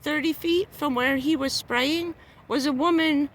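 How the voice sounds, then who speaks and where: A woman vlogger's high, fairly bright voice comes at a measured pace, with a little hiss or hum in the background. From a parked car she rants on her livestream, angry, profane and repetitive, upset enough to be near tears.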